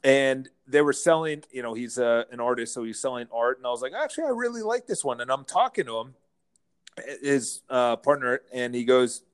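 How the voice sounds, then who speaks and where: A man, a real estate broker, telling stories as a guest in a casual interview, lively and laughing as he goes. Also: medium pitch, normal speed, clean tone. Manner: animated, acts out quotes, laughs while telling stories.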